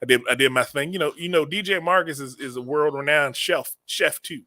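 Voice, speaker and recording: A man's voice: fairly high pitch, fairly quick, pushed and bright, no echo. A man in his late thirties, co-hosting a podcast, who rambles in a casual comedic chat, laughs often and repeats his words. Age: 30s. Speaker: podcast co-host.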